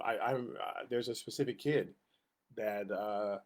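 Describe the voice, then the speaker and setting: A man's voice: fairly low pitch, a little slow. A middle-aged man teaching a casual Sunday school Bible lesson, telling personal stories and acting out the voices he quotes.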